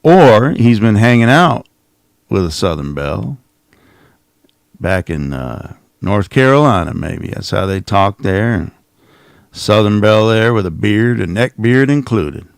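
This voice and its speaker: A middle-aged man with a low, gravelly voice and plenty of vocal fry rambles sarcastically through a casual livestream. He speaks close to the mic in a dry, dead room, with a mocking, offhand tone. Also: very animated, unhurried, no echo. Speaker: channel host. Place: home office.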